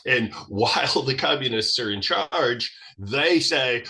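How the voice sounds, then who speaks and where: A man with a bright, forceful voice talks through history as an interview guest. He explains at length, with lively swings in his delivery, in the manner of an engaged expert. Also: medium pitch, takes it slowly.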